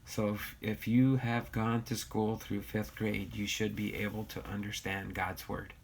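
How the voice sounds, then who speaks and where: A man's voice: on the low side, level tone, measured pace, vocal fry, slight background noise. An American man hosting a casual livestream, reading viewer comments aloud and bantering, with a slightly nasal voice. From United States. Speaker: livestream host.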